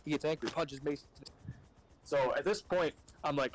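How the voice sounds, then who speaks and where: A man's voice: on the high side, normal speed, a little hiss or hum, rough recording. A man streaming a game, telling a rambling story to friends in casual, profane speech full of fillers. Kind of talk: casual storytelling while gaming.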